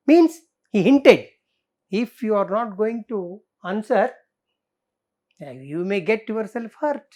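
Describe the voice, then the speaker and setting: Slow-speaking Indian English teacher woman. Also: medium pitch, lively intonation, a little mellow. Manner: explanatory, reads scenes aloud and comments. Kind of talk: literature lesson explaining a play.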